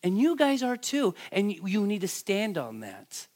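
Animated male pastor preaching. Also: sits high, a little slow. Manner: animated preaching, calls out to the congregation. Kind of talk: sermon.

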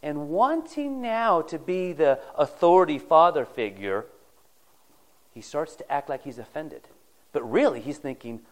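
A man's voice: a little high, lively intonation, unhurried. A man preaching a sermon, retelling a Bible story in a folksy, conversational way and addressing the congregation directly. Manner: folksy storytelling, acting out the characters' lines.

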